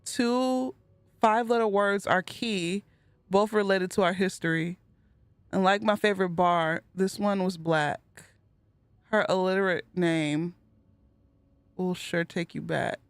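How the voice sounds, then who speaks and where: A woman hosting a gameplay video. She reads in-game letters aloud slowly and earnestly, and sometimes breaks off with giddy high-pitched exclamations. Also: fairly even intonation, clear, resonant tone, dry recording. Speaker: gaming video host. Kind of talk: let's play commentary, reading in-game letters aloud.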